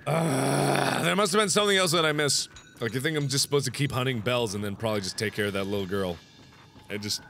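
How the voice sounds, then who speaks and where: A man hosting a let's play of a horror game, excitable, swearing, yelling and mock-taunting. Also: mid-range voice, fast talker, slight background noise. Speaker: gaming video host. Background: game music.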